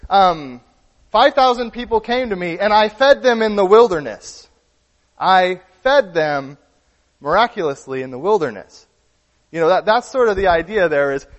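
A man's voice: high voice, big-room sound. A man preaching a sermon in an earnest way, often restarting and repeating words as he explains.

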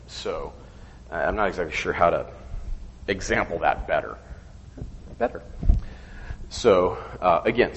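A man teaches an informal Bible study conversationally, asking questions, checking in often with "okay?", and sometimes stopping to search for words. His voice is low-pitched, and the rough recording has a long reverb tail.

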